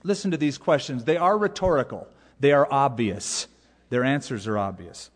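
A man's voice: medium pitch, animated, brisk. A man, a pastor, preaching a sermon with emphatic, repeated key phrases. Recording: long hall reverb.

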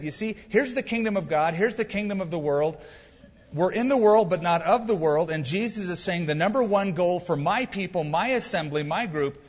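Male pastor, fairly high husky voice, emphatic conversational sermon, dull hall recording. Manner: emphatic, conversational preaching with asides.

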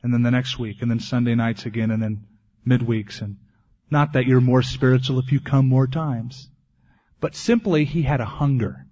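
A man preaching a sermon as pastor, earnest, ending in a quiet prayer. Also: mid-range voice, steady tone, moderate pace. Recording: dull lo-fi 1980s tape.

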